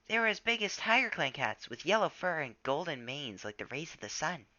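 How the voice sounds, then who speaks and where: A man voicing a small, nervous young male apprentice cat in a storybook reading, high and eager. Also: very animated, fairly quick, bright, forceful tone, muffled recording, exaggerated voice. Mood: curious.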